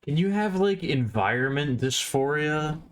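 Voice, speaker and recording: A man's voice: fairly high pitch, lively intonation, a little slow. A man streaming while he draws, chatting casually and answering his chat in a mumbling, self-deprecating way.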